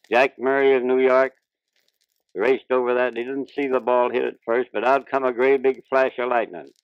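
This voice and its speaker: A man's voice: medium pitch, clean tone, no room sound. An older man, a retired ballplayer, telling plainspoken folksy stories in a 1940s radio interview. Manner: plainspoken old-time storyteller, ungrammatical folksy speech. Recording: dull dry 1940s radio transcription.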